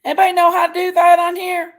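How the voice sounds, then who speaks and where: A woman's voice: extremely high pitch, monotone, fast. A woman hosting a casual livestream, chatting in a folksy way and greeting viewers by name. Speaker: livestream host.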